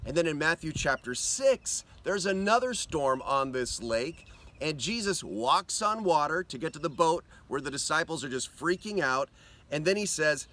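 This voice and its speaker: Bright, lively-voiced man giving a devotional. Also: on the high side. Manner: earnest, inviting, slows for quotes. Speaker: pastor. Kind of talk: devotional video talk. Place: outdoors on a lakeshore.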